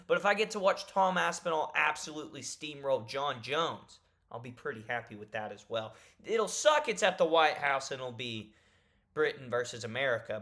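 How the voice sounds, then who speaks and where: A man giving opinionated solo commentary in a video, emphatic and animated, repeating points for stress. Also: a little high. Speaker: MMA commentary YouTuber.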